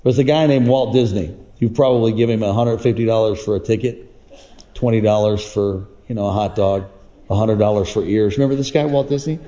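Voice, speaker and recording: A man's voice: a little fast, mellow. A man preaching a sermon to his church, telling stories and calling on the crowd to respond. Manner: preaching with call-and-response, jumps high in pitch for emphasis. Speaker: pastor. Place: church across several campuses.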